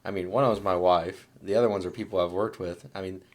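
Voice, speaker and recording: A man's voice: low voice, fast talker. A man co-hosting a comedy podcast, ranting jokingly and putting on mock voices for quotes. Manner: animated, jokey rants with mock quotes. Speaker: podcast co-host. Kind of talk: casual comedy chat.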